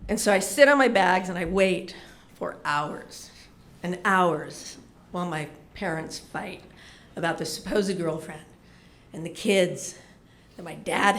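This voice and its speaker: A middle-aged woman telling a comedic personal story in an animated, lively way, swearing casually. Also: mid-range voice.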